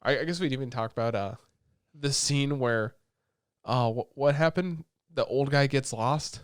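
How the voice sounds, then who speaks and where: A man co-hosting a podcast, excitedly retelling scenes in casual chat and swearing often. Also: medium pitch, moderate pace, clear, resonant tone, no echo, studio quality. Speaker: podcast co-host.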